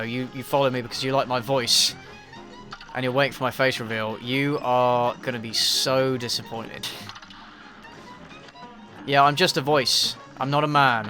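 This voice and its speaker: A man with an English accent chats offhandedly on a live stream, dry and self-deprecating as he answers viewers. His voice has a bright tone at a middling pitch. Faint music plays underneath. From England. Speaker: YouTube reviewer streaming a game.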